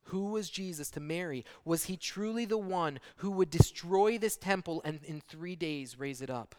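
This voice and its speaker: A man preaching a sermon, dramatic and full of rhetorical questions, moving from hushed lines to loud, emphatic peaks. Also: fairly high pitch, expressive, measured pace.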